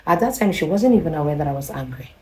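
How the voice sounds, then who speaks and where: Deep, mellow Nigerian woman telling a story. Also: quick pace, slight background noise, poor audio. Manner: rambling, animated, with restarts and quoted dialogue. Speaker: vlogger. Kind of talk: casual personal storytelling.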